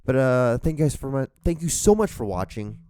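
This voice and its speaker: A man's voice: mid-range voice, expressive, a little fast, warm tone, dry recording, studio quality. A young man hosting his own show, rambling casually with lots of fillers and restarts, sounding tired, his voice starting to go. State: tired, voice going out. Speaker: host.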